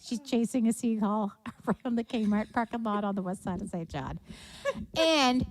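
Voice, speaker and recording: A woman's voice: on the high side, animated, moderate pace. A woman co-hosting a livestream show, telling a family story and laughing as she acts out the voices. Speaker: co-host of a livestream music show. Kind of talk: casual chat and storytelling.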